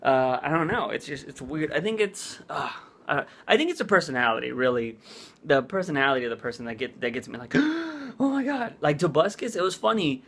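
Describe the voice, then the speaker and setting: A man's voice: medium pitch, lively intonation, fairly quick, fairly bright tone. A man vlogging in a casual chat, rambling with lots of "like" and "uh". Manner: rambling, full of "like" and "uh".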